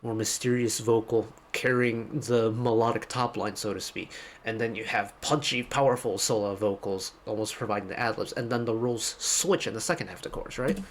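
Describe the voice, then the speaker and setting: A man's voice: fairly low pitch, fairly quick, a little hiss or hum. A man hosting a music reaction video, giving an enthusiastic, detailed breakdown of a song in a casual way.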